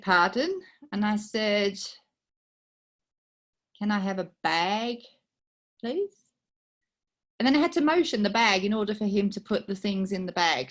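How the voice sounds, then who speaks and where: A middle-aged woman from the UK with a British accent and a slight Australian twang, telling a personal story in a soft, conversational, self-deprecating way over a video call. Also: medium pitch. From United Kingdom. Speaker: table topics speaker.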